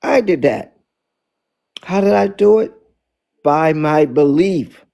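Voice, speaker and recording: A man's voice: on the high side, lively intonation, slow, gravelly, pauses often, warm tone. A man giving an inspirational faith talk, emphatic and preachy, repeating his key phrases. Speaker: motivational speaker.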